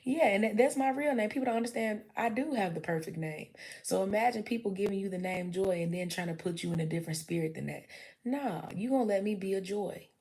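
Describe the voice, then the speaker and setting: A young adult woman hosting a livestream chats candidly in a casual storytelling session, swearing freely and acting out quotes. Her voice is medium-pitched, a little mellow, and quick.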